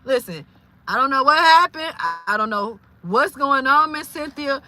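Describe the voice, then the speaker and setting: A woman from Louisiana, hosting a casual livestream and talking in an animated, exclamatory way. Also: sits high, moderate pace. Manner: animated, exclamatory, incredulous, laughing often. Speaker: livestream host.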